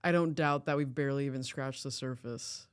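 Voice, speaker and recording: A woman with a smooth, clear voice hosts a casual podcast interview. She talks enthusiastically and supportively, with relaxed slang and swearing. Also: extremely low pitch, fairly quick, dry recording. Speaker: podcast host.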